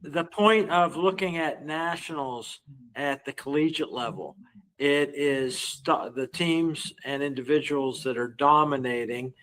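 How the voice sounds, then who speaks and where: Halting man hosting a running podcast. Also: fairly high pitch, a bit bright, rough recording. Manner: halting, restarts often. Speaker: podcast host. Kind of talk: interview questions.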